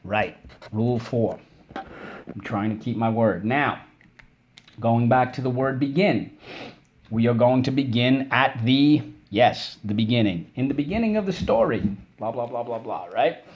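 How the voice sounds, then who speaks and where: Male teacher, mid pitch, encouraging and upbeat, recorded spelling lesson for kids, stretches out syllables in drills. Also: steady tone, unhurried.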